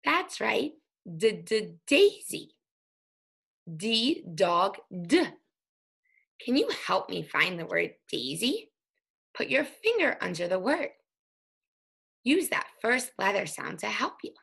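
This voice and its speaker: A woman teaching an early reading lesson, speaking slowly and sounding out letters for young children. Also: mid-range voice, wildly swooping pitch, vocal fry, fairly bright tone, slightly rough. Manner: slow, sing-song, sounding out letters.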